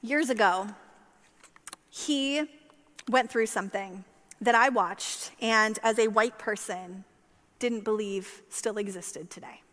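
A woman pastor preaching a sermon with passion, climbing to emphatic peaks and then falling soft. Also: fairly high pitch. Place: church sanctuary. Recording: long church-hall reverb.

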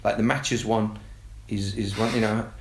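Gravelly-voiced coach. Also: male voice, a little slow, roomy sound, slight background noise. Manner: animated storyteller, mimics excited kids in a high voice. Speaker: youth football coach. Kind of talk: casual podcast chat.

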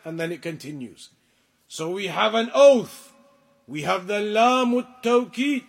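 A man giving a religious lecture to a class, explaining points deliberately and with emphasis. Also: high-pitched. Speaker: religious teacher.

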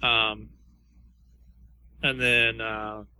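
A man's voice: fairly low pitch, level tone, very slow, pushed and bright, slight background noise, low-quality recording. A man co-hosting a podcast, hesitantly describing an imagined fight and repeating words as he thinks. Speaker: podcast co-host. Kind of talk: casual chat narrating a fight scenario.

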